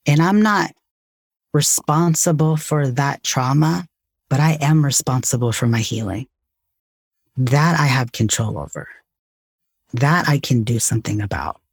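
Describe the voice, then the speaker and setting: A man's voice: mid-range voice, unhurried, pauses often, husky, dry recording, clean studio sound. A man speaking as a podcast guest in a candid, earnest, casual conversation, with occasional swearing. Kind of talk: reflective conversation.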